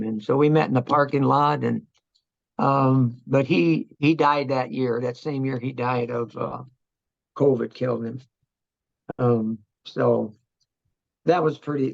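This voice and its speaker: Gravelly older man recalling wartime. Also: mid-range voice, no room sound, highs cut off. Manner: halting, reflective, many restarts. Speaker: Vietnam veteran interviewee. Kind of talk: oral history interview.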